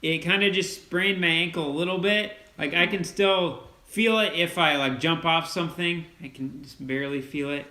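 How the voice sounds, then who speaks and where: A young man hosting a casual farm livestream, upbeat and quick as he thanks donors by name. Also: fairly high pitch, fairly even intonation, bright, forceful tone. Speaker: channel host reading donations. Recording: roomy echo.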